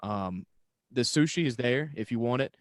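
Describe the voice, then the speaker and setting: A man's voice: medium pitch, animated, normal speed, no echo, clean studio sound. Laid-back swearing podcast co-host, a man. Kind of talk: casual chat.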